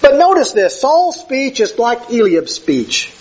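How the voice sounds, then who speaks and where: Male preacher, high husky voice, chatty sermon delivery with self-corrections, dull lo-fi sound. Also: huge pitch swings, measured pace, hardly any pauses. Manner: conversational, self-correcting, acts out quoted speech. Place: church sanctuary with slides.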